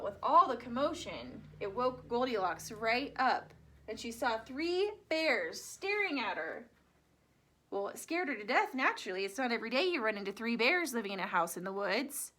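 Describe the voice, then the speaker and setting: A woman telling a fairy tale to children, animated and asking her young listeners questions. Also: on the high side, normal speed. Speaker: children's storyteller. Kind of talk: reading a story aloud to children.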